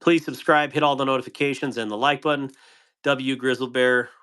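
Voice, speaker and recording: A man's voice: medium pitch, steady tone, brisk, fairly bright tone, smooth. A man hosting a live stream, reading and answering chat comments in a playful way, laughing often and tripping over tongue twisters.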